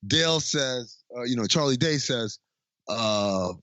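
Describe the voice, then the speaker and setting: A man's voice: medium pitch, expressive, unhurried, pushed and bright, dry recording. Man co-host retelling film scenes. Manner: storytelling, acts out characters' lines. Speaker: podcast co-host. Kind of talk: casual movie recap chat.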